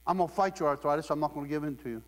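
A man delivers a sermon in a loose, joking way, laughing as he goes. His voice sits a little high. The sound rings with the long reverb of a large hall. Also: racing. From Ohio. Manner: humorous, conversational, laughing often. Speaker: preacher.

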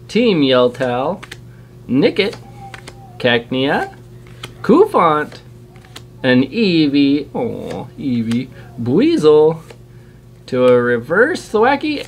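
A man hosting a casual unboxing video. He chats eagerly and reels off card names as he opens packs. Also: mid-range voice. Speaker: channel host opening trading card packs. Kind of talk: casual chat while unboxing.

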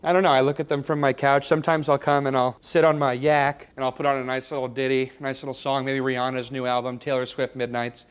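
A man's voice: medium pitch, level tone, quick pace, hardly any pauses, smooth, lightly acted. A man playing a smug, rambling rich guy. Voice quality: boastful, rambling, mock-sentimental. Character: smug, oblivious rich young man showing off his loft. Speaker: comedic character giving a home tour. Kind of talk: improvised parody home-tour sketch. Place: apartment loft, walking room to room.

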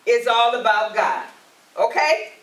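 A woman's voice: fairly high pitch, lively intonation, slow, fairly bright tone, slight background noise. A woman evangelist from Alabama, preaching and praying while calling out to the congregation. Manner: calls out to the congregation, rising and emphatic. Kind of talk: sermon and prayer. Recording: roomy and distant from the mic.

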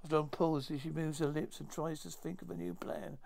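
A man retelling a science fiction episode aloud in a halting way, with many restarts and self-corrections. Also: a little high, flat delivery, gravelly, a little mellow. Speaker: storyteller.

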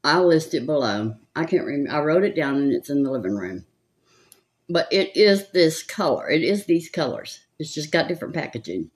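Chatty older Southern woman, lively voice. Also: low voice, moderate pace. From California. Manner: chatty, gossipy, rambling with frequent laughs. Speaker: makeup vlogger. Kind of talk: casual chat while doing makeup.

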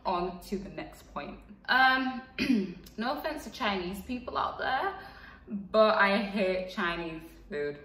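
A woman's voice: medium pitch, lively intonation, slow pace, pushed and bright, recorded from a distance. A young woman in her twenties, chatting frankly in a casual vlog, with lots of fillers. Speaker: vlogger. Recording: echoey room, voice a bit off-mic.

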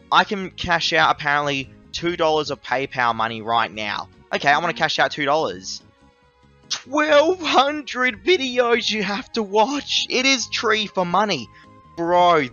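Bright, ranting man. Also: a little high, dull audio. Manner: exasperated, ranting, swings loud and excited. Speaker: app reviewer. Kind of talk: screen-recorded app review vlog.

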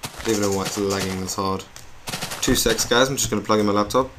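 A man's voice: fairly low pitch, quick pace. A young man chatting in a rambling, self-mocking way as he plays a video game. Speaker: gamer. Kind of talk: gameplay commentary. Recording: noisy home recording with keyboard clicks.

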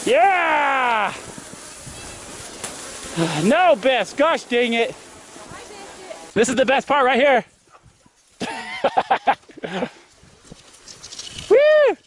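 A man's voice: extremely high pitch, slight background noise. A man filming friends on a ski trip outdoors, cheering them on, teasing and laughing often in casual commentary. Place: outdoors on a snowy hill. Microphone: handheld camera.

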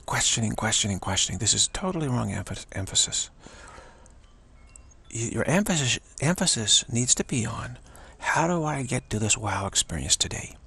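A man with a rough, husky voice and a gravelly edge delivers a spiritual pep talk. He is earnest and halting, often restarting his phrases and repeating himself for emphasis. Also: medium pitch, sing-song, sharp tone. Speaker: spiritual teacher.

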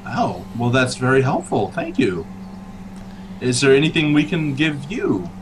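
A man's voice: medium pitch, big pitch swings, unhurried, slight background noise, low-quality recording. A man playing a tabletop game in casual chat, hesitant and stammering, often breaking into laughter. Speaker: player. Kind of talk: tabletop role-play chat.

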